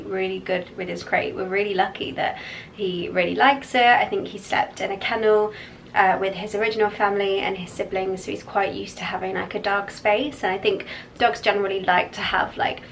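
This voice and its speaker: A young woman talks casually at home, vlogging in an easygoing, chatty way and often pausing on fillers. Her voice sits at a medium pitch. A faint noise hums behind her. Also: poor audio. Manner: chatty, relaxed, with many fillers. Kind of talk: casual chat.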